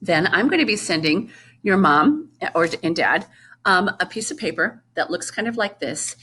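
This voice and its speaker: A middle-aged woman teaching music to young children over a home video, her voice bright and a bit husky. She chants rhythm syllables and names in a lively sing-song and explains things slowly and patiently, as if to seven-year-olds. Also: fairly low pitch. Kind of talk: distance-learning lesson for young children.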